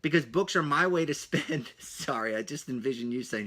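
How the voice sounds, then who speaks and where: A man hosting a solo podcast, talking in an energetic, rambling way with punchy asides and a slightly breathless edge. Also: mid-range voice, normal speed. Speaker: podcast host.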